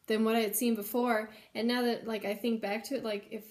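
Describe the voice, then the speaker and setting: A young adult woman with a somewhat high voice tells a personal story. She speaks in an earnest, chatty way, filling her sentences with "like" and "um". She sounds like she is talking at home. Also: little pitch movement, a little fast, a little mellow. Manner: chatty, heavy use of "like" and "um"; earnest, emotional retelling. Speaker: vlogger sharing a personal story.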